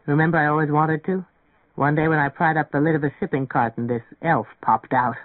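A man voicing a gentle, kindly older record-shop owner in an audiobook reading, speaking softly and patiently, with a dry, phone-like narrow sound. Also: on the high side, brisk, dry recording, natural voice. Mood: calm. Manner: soft, calm, patient.

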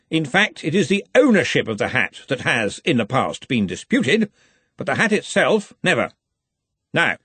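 A lordly old wizard who blusters, pitched high and pushing his words hard, as a man puts him on for the storybook. His tone is testy and superior, and his voice has a husky grain. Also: fairly bright tone, no room sound, heavily acted. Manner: haughty, overbearing, testy. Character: pompous, blustering old male wizard head.

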